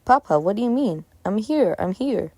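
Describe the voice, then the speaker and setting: A woman's voice: medium pitch, moderate pace, vocal fry, dark tone, no echo, voice pushed up. Woman doing a scared boy, Russian accent. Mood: pleading. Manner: pleading, earnest. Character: frightened little boy with an odd Slavic accent.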